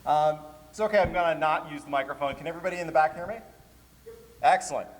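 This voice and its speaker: A man's voice: on the high side, fast. A man, a convention's programming director, giving a joking, chatty panel talk to a live audience. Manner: joking, chatty, lively with laughs. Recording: hall reverb, faint room noise.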